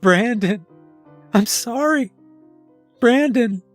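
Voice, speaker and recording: A man's voice: high-pitched, flat delivery, measured pace, faint music behind, pitched above the performer's own voice. A man voicing a terrified teenage boy who pleads and whimpers for help in a horror story. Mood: begging.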